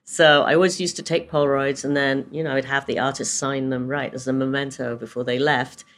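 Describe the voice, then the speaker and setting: A woman's voice: extremely low pitch, little pitch movement, a little fast. British lady in her 60s, chatty storyteller, lots of you-knows, easygoing interview talk. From England. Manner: chatty storyteller with many fillers and laughs. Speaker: photographer guest. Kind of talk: casual anecdotal interview.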